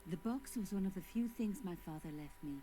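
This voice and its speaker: An actress voicing a thoughtful young woman in an adventure game, speaking in a calm, reflective way. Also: medium pitch, brisk, natural voice.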